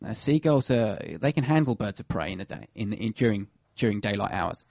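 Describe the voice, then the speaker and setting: A man's voice: on the low side, animated, brisk, gravelly, a little mellow, no room sound, highs cut off. A man who works as a bird of prey pest controller, talking casually and hesitantly with many fillers and restarts. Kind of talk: casual radio chat.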